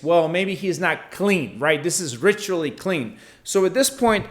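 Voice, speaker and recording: A man with a somewhat higher voice teaches from scripture at a slow, deliberate pace. He reads verses aloud and then breaks them down in a relaxed, conversational way, often checking in with a quick "right?". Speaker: Bible teacher. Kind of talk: scripture reading and explanation.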